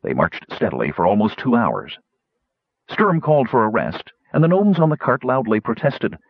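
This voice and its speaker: A man narrating an audiobook in a measured, expressive storytelling manner. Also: lowish voice, dry recording. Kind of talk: scripted narration. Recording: dull, dry recording.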